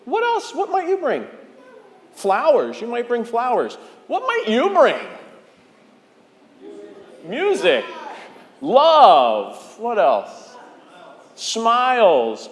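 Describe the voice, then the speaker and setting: A man leading a children's time in a church service, asking playful questions and leading a song. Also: very high voice. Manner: playful, asks questions, sings along. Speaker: director of lifelong faith formation. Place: large church sanctuary. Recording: echoey hall, organ music behind.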